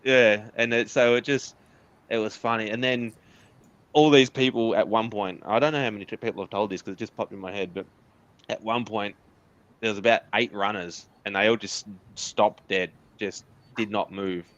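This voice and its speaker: A man's voice: fairly low pitch, fairly even intonation, moderate pace, fairly bright tone. Earnest Australian man, dull lo-fi recording. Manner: candid, earnest storytelling with laughs. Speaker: interview guest. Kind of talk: casual interview chat.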